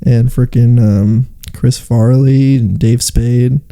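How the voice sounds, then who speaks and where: A young man from Arizona riffing with a friend on a podcast. His voice is very dark and mellow, and he jokes freely, swearing now and then, with quick asides. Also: mid-range voice, steady tone. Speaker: podcast co-host. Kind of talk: casual chat.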